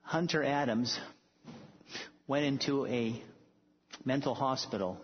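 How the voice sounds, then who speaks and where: A man's voice: mid-range voice, slow, slight background noise. A male preacher giving a sermon, telling stories emphatically and building to bold declarations. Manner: emphatic storytelling, rising to declarations. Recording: echoey hall, dull lo-fi sound.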